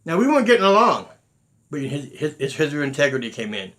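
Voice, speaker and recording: A man's voice: a little high, sing-song, fairly quick, fairly bright tone. A middle-aged man, a martial arts grandmaster, talking emphatically in a monologue, repeating words and acting out quotes. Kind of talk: monologue telling stories.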